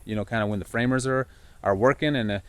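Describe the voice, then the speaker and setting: A man vlogging about building his own house, talking casually and rambling, his pitch jumping up whenever he quotes himself. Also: quick pace, smooth. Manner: rambling, animated, jumps pitch when quoting himself. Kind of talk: casual talk to camera. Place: outdoors on a building site.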